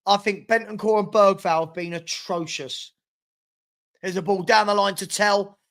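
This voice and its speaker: His voice fairly high and his intonation fairly even, an exasperated man runs a live football watchalong at normal speed, calling each pass, groaning at how his side is playing, and giving viewers shout-outs in between.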